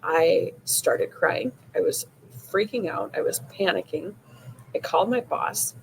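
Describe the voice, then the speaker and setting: A woman's voice: fairly low pitch, measured pace, creaky, a little hiss or hum, poor audio. A woman hosting a podcast, telling a personal story casually with many "like"s and "you know"s. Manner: casual, frequent "like" and "you know", retelling with rising emotion. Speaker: podcast host.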